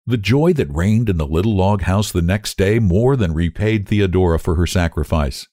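A man narrating a storybook in an expressive reading voice. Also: low voice, moderate pace, no echo, clean studio sound. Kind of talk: audiobook reading.

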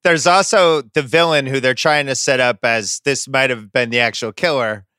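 A man hosting a podcast, riffing in casual pop-culture chat with opinionated, animated asides, close to the microphone. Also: mid-range voice, moderate pace, clear, resonant tone, no echo. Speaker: podcast host.

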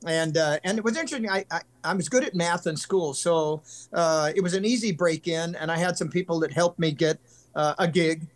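Fairly quick and on the high side, this older country singer from California, USA, guests in a relaxed interview. He's an earnest, rambling storyteller who spins long tales.

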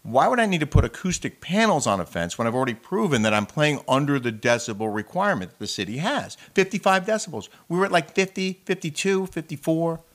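Lively, animated man telling a story. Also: a little high, fast talker, hardly any pauses. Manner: animated storytelling, building up indignation. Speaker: show co-host. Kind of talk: casual chat.

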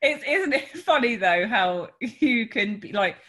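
Woman in her thirties, breathy sarcastic co-host. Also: fairly high pitch, animated, unhurried, fairly bright tone. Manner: crude, laughing and sarcastic. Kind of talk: casual chat.

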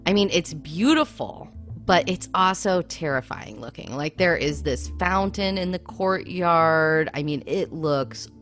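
Low-pitched woman co-host, chatty storyteller, faint music underneath. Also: measured pace, hardly any pauses. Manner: animated, lots of fillers like "I mean". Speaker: podcast co-host. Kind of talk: casual storytelling chat.

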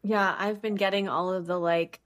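A young woman co-hosting a podcast, chatting casually with lots of fillers and quick laughs. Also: medium pitch, fairly even intonation. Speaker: podcast co-host. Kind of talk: casual chat.

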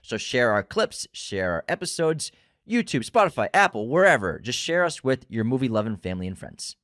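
A man's voice: medium pitch, very animated, brisk, fairly bright tone, dry recording, clean studio sound. A man co-hosting a movie podcast, chatting casually and quizzing his co-host. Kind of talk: casual chat, quiz questions.

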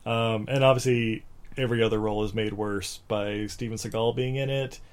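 A man's voice: lowish voice, fairly even intonation, fairly quick. Laughing male podcast co-host. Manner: jokey, laughs often. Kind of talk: casual podcast chat.

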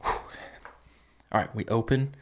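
This podcast co-host drags out his words as he pitches a movie idea, chatting casually. His rambling is full of filler, and he laughs readily.

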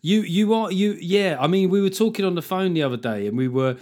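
A man's voice: sits high, lively intonation, a little fast, darkish tone. Jokey man hosting a podcast. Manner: jokey, self-mocking, hesitant restarts. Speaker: podcast host. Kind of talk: casual chat.

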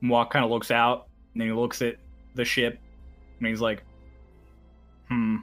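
Game master guy narrating loose and casual, normal pitch, bit of music behind. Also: completely flat delivery, moderate pace, a bit bright.

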